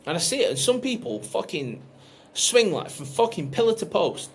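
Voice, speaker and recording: A man's voice: high voice, sing-song, normal speed. Man, business coach, blunt, sweary, emphatic, faint background hiss. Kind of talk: casual coaching call.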